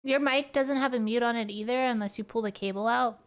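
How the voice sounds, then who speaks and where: A woman's voice: fairly high pitch, brisk. A woman streamer chatting casually and playfully close to a studio mic, rambling and restarting her sentences. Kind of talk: casual chat.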